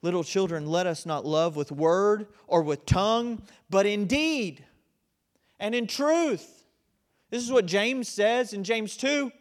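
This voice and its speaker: A man with a high voice delivers an impassioned sermon. He drives his points home with force, then drops low and quiet to press them in. He sounds middle-aged. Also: takes it slowly. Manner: impassioned preaching, swings between loud emphasis and quiet intensity. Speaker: pastor.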